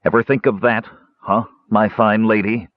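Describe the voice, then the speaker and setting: A male narrator playing a big, washed-up warrior who talks gruffly and snaps bitterly, in a dull, dry lo-fi recording. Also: low-pitched, sing-song, normal speed, no room sound. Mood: surly. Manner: gruff, snapping, self-pitying.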